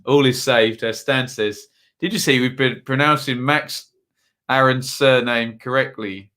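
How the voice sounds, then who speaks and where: A man's voice: medium pitch, steady tone, unhurried, pushed and bright. A man hosting a live football watchalong stream, chatting casually and reading out viewer comments between match updates.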